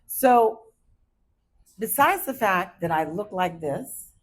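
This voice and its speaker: A woman in her fifties from Arizona performing a stand-up comedy set, hyper and animated as she tells stories. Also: mid-range voice, slow, low-quality recording. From Arizona, USA. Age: 50s.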